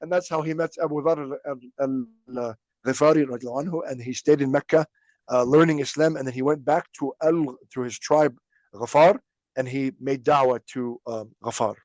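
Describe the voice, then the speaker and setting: A man's voice: medium pitch, steady tone, fairly quick, darkish tone, dry recording. A man hosting a podcast, teaching religious history in a casual storytelling way, acting out quotes and laughing at times. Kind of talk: informal religious lesson.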